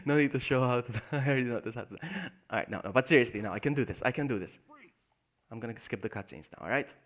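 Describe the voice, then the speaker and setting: A man streaming a game live, greeting viewers by name, yelping when things go wrong and mocking himself. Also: a little fast. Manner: excitable, jumps to high yelps when in danger, then mutters low. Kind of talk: live gameplay commentary.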